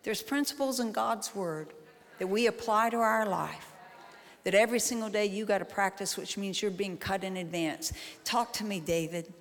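A woman's voice: medium pitch, normal speed. A woman preaching a sermon, folksy and talking straight to the crowd, building into a rhythmic, chant-like exhortation. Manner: folksy, direct address to the crowd.

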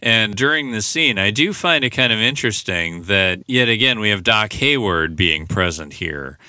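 A man's voice: fairly low pitch, lively intonation, normal speed, sharp tone, no echo, clean studio sound. A man hosting a podcast, recapping a TV episode in casual, rambling talk full of "you know" fillers. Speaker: podcast host.

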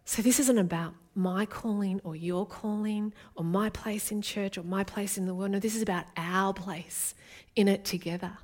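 A woman's voice: mid-range voice, a little mellow. Earnest woman preaching. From Australia. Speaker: guest preacher. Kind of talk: sermon.

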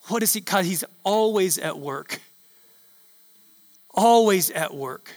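A male pastor preaching a sermon in a large church hall, emphatic and repetitive, building up to shouts. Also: high-pitched, animated, takes it slowly, long pauses.

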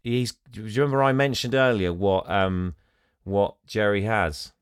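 A man and podcast host retelling a film plot in casual chat, animated and laughing often. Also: lowish voice, moderate pace, smooth, no echo, studio quality.

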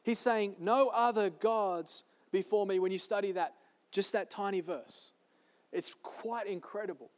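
High-voiced man preaching emphatically. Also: unhurried. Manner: emphatic, repeating key phrases. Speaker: pastor. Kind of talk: sermon. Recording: long reverb of a large hall.

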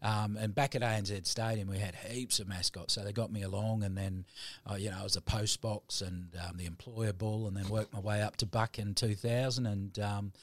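A man's voice: fairly low pitch, fairly even intonation, brisk, few pauses. A middle-aged man from New Zealand with a Kiwi accent, a guest chatting casually and joking in a laid-back way. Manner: laid-back, jokey, lots of mate and bro. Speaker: podcast guest. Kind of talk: casual chat.

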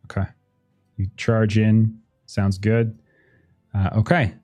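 This is a man whose voice sits fairly low and has a darkish, level tone, and he takes his time. As game master of a tabletop game, he muses aloud with many fillers and frequently laughs mid-sentence, while faint music plays underneath.

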